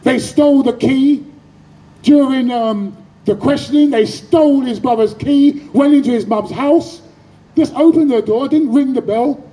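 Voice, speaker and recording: A man's voice: very high-pitched, mellow, rough recording. A man, giving an impassioned protest speech outdoors and leading call-and-response chants as an activist speaker.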